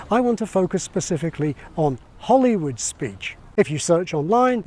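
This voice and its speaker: A man giving scripted educational narration, measured and explanatory with a light ironic edge. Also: sits high, darkish tone. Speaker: video essayist on accents.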